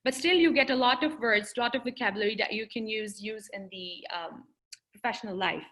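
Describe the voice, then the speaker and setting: A brisk woman with a fairly high, slightly bright voice guides English learners through a webinar on a video call. It's teaching plus Q&A, delivered conversationally with plenty of fillers and false starts.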